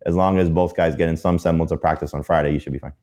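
Fast-talking deep-voiced man, mellow. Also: steady tone. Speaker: fantasy football analyst. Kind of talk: casual sports chat.

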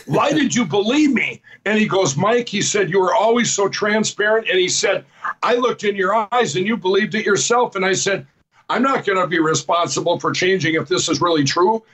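Earnest high-voiced man telling his story. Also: brisk, a bit bright, poor audio. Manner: rambling, repeats "I said" while retelling dialogue. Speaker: guest telling his testimony. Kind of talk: personal storytelling.

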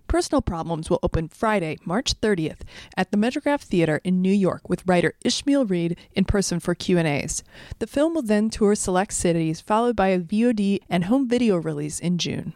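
A woman reading a podcast sponsor announcement in a steady, measured way. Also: medium pitch, no echo, clean studio sound.

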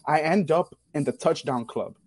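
A young man, telling a rowdy story on a talk show, swearing freely and talking fast. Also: a little high, dry recording. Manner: profane, animated storyteller. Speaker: caller sharing a story. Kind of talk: casual storytelling.

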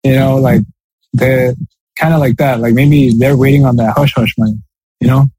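Husky man rambling on a podcast. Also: mid-range voice, fairly even intonation, normal speed, mellow, dry recording, poor audio. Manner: rambling, lots of fillers and restarts. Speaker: podcast co-host. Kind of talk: casual podcast chat.

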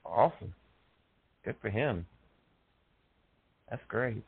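Gravelly man laughing through a tinny line. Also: on the low side, expressive, slow pace. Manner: laughs often, enthusiastic. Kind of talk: casual chat. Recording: dry, phone-like sound.

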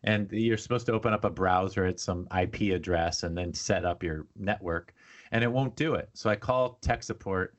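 With a low-pitched voice at a moderate pace and lo-fi audio, a podcast co-host chats casually. His storytelling is lively, and he imitates other voices as he goes.

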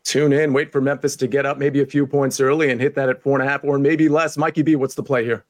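A man hosting a sports betting panel, moving briskly from one guest to the next. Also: mid-range voice, level tone, no echo, clean studio sound. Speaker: show host.

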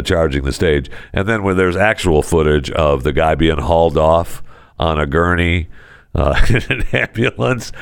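A man's voice: low-pitched, clear, resonant tone, dry recording, studio quality. A man hosting a podcast, telling jokes in a casual comedic monologue and chuckling at his own lines. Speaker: podcast host.

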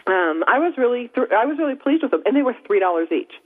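A woman's voice: on the high side, very animated, fast. Chatty woman on a tinny line. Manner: chatty, laughs often, mocking asides. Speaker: podcast co-host. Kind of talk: casual chat.

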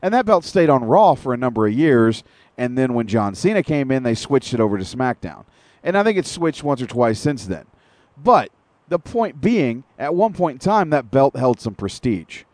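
A man's voice: mid-range voice, very animated, normal speed, darkish tone, no room sound. A man co-hosting an internet radio show, ranting in casual, profane wrestling talk with long detailed recaps. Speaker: podcast co-host.

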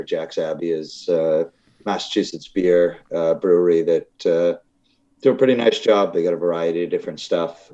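A man co-hosting a casual podcast, relaxed and rambling with many pauses, blunt when pushed. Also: sits low, dull audio. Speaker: podcast co-host.

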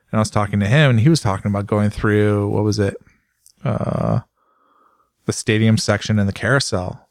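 A motorsport journalist with a fairly low, clean-toned male voice chats casually on a podcast. He tells rambling, animated stories full of fillers, recorded dry with clean studio sound.

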